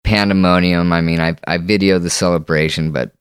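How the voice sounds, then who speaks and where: A man telling a story in a relaxed, rambling way on a casual podcast. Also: sits low, a little fast, clear, resonant tone, no echo, clean studio sound. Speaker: podcast guest caddie.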